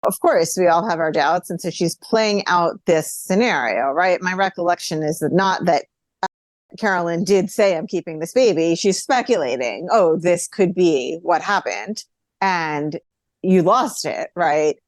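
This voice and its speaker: A woman's voice: lowish voice, a little slow, no room sound. Woman co-host, wry, dry-sounding voice. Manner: wry, incredulous commentary. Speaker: podcast co-host, litigator. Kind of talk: casual TV recap chat.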